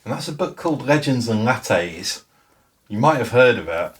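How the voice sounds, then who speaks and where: A man's voice: mid-range voice, big pitch swings, moderate pace, slight background noise. A man hosting his book channel, talking casually and telling stories with frequent restarts. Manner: chatty and storytelling, with frequent self-restarts. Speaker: BookTube channel host. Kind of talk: casual book vlog talk.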